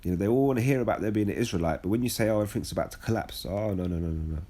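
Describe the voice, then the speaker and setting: Husky, blunt man. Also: fairly low pitch, racing, dark tone. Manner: blunt and heated, with frequent swearing. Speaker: religious speaker. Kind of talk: personal storytelling mixed with scripture reading.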